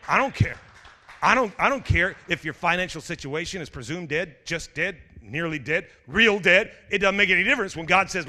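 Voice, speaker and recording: A man preaching an energetic sermon as pastor, full of stammered restarts, jokey asides and sudden shouted exclamations. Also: sits high, long reverb tail.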